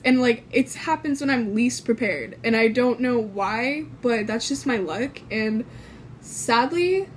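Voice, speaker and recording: A woman from California tells a casual storytime vlog in a higher-than-usual voice. She rambles and restarts, leans hard on fillers and swears without a second thought. Light background noise sits under the recording. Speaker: vlogger.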